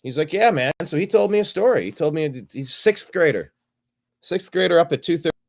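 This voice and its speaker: A man's voice: a little high, lively intonation, brisk, vocal fry. A middle-aged man hosting a show, casually rambling as he retells a phone call and acts out both sides of it. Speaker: show host. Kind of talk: casual livestream monologue.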